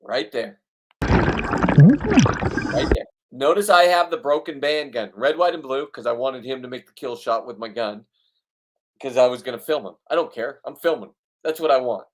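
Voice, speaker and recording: A man's voice: mid-range voice, fairly quick. A man narrating his own fishing video in a casual voice-over, blunt, boastful and full of swearing. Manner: blunt, profane, ranting, boastful. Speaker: fishing vlogger.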